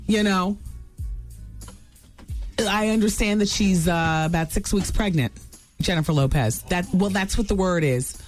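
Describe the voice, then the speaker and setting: A woman hosts a radio show, rattling through celebrity gossip with chatty asides and quick self-corrections. She sounds like she is in a studio broadcast with soft music faintly underneath. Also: mid-range voice. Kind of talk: casual celebrity gossip talk.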